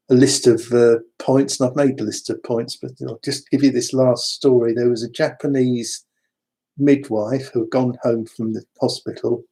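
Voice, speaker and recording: A man's voice: medium pitch, dark tone, breathy edge. A man giving a rambling, conversational spiritual talk full of asides. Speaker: spiritual speaker.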